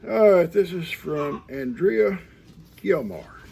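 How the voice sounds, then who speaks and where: A man's voice: on the high side, sing-song, takes it slowly, gravelly, a little mellow, a little hiss or hum. An older man in casual chat, reading out viewer mail outdoors on a farm in a folksy, rambling way, breaking off to talk to his grandkids. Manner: folksy, rambling, talks to grandkids mid-sentence. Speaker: grandfather vlogger.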